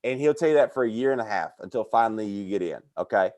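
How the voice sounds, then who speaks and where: Animated man telling comedy-career stories. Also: fairly low pitch, fast. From American South. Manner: animated storyteller who acts out quoted voices. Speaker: comedian guest. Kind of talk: casual podcast storytelling.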